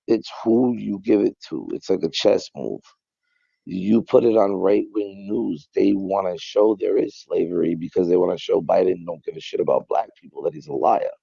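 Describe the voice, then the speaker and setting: A man's voice: sits low, gravelly, warm tone, husky, no room sound. A man in an interview clip, speaking emphatically and bluntly. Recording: dull, muffled clip.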